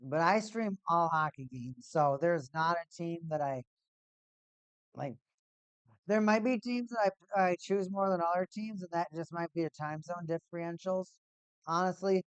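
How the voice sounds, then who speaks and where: A man's voice: a little high, normal speed, clear, resonant tone, no echo. Laid-back man with a dry, close voice. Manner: rambling, laid-back, repeats himself. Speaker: live-stream host. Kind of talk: casual hockey watch-party chat. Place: at home, in a cold room.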